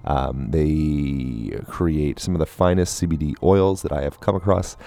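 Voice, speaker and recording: A man's voice: extremely low pitch, unhurried, creaky, warm tone. A man hosting a podcast, chatting casually and joking, laughing easily and doing his own ad reads. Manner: playful, jokey, laughs easily. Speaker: podcast host.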